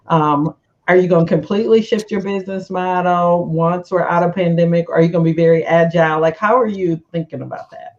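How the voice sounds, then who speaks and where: A woman's voice: low voice, darkish tone. A woman judge asking a contestant thoughtful, hedging questions about her business. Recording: slightly dull audio.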